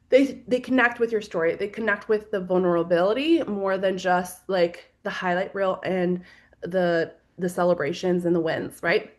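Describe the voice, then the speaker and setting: A woman's voice: mid-range voice, moderate pace. Chatty woman teaching social media. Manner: casual and chatty, lots of "like". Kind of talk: online training presentation. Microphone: video call.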